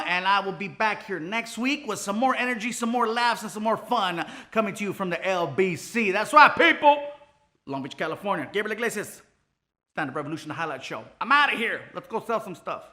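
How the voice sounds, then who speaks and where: A man's voice: high voice, lively intonation, fast talker, pushed and bright. A man hosting a comedy show, wrapping up in an upbeat, chatty way and talking up a guest. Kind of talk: show wrap-up.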